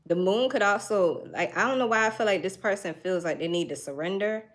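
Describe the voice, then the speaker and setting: A woman's voice: mid-range voice, brisk. Chatty woman doing a tarot reading. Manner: chatty, thinks aloud, laughs now and then. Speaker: tarot reader.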